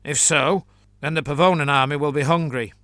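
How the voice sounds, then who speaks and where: Man playing a gloomy, thorough chancellor; earnest, crisp, dry sound. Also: fairly high pitch, steady tone, a little fast, pushed and bright, no room sound. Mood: methodical. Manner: earnest, methodical, pessimistic.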